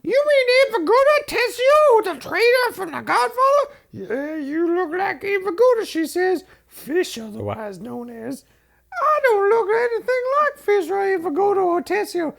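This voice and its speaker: A man putting on a silly, gravelly puppet-style voice for a comic bit. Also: very animated, unhurried, fairly bright tone, heavily acted. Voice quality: high and gravelly. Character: squeaky, gravelly male puppet-style character.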